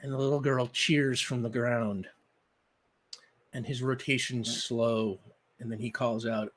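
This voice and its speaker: Energetic male game master with lots of ums. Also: mid-range voice, unhurried, long pauses. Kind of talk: live-stream announcements and story narration.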